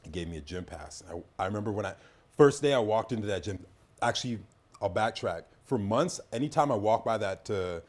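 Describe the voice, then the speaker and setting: A man's voice: lowish voice, expressive, brisk. A Canadian-raised man chatting on a podcast, telling a long rambling story with many restarts and asides. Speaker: podcast guest. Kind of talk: casual podcast chat.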